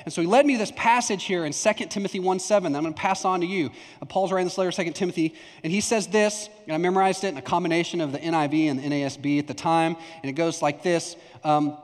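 A man's voice: fairly high pitch, fast, hardly any pauses. A young adult male pastor from Texas preaching a conversational sermon, telling a personal story and acting out remembered lines. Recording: long hall reverb.

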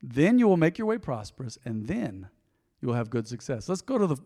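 A man's voice: medium pitch, sing-song, brisk, warm tone. A middle-aged man preaching a sermon as pastor, folksy and storytelling, acting out quoted voices. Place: church sanctuary. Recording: long hall reverb.

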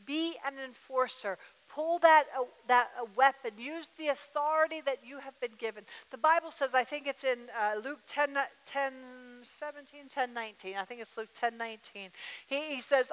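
A woman with a high-sitting, sharp voice preaches at a moderate pace in a reverberant hall. Her sermon is emphatic, full of repeated words, and she acts out the dialogue her listeners should say back.

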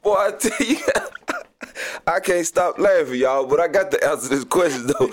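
A man's voice: on the high side, expressive, normal speed. A man co-hosting a radio show in casual banter, cursing freely and laughing often as he jokes. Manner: profane, laughs often while joking. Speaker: radio co-host.

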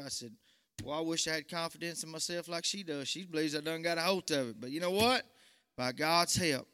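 A man's voice: a little high, a little fast. A nervous man, giving a church testimony that swells into fervent preaching. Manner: Southern country speech, swells to fervent shouts. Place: church sanctuary. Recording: long church hall reverb.

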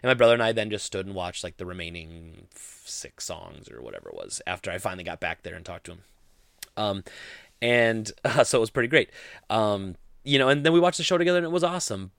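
A young man vlogging, telling a story in a rambling, animated way full of "like" fillers. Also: lowish voice, fast, vocal fry, dry recording. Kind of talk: casual storytelling to camera.

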